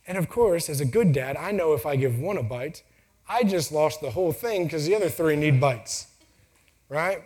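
A man's voice: fairly high pitch, lively intonation, moderate pace, darkish tone, slightly rough. A man in his thirties giving a casual talk to an audience, joking and acting out quotes in family stories. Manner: joking, storytelling, acts out quotes. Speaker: speaker. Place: venue with a timer for speakers.

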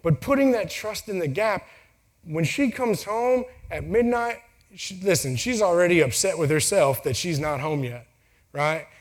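At a venue where speakers are timed, a thirties-aged man addresses the audience casually in a high voice with lively intonation and normal pace. He tells family stories, joking and performing the quotes.

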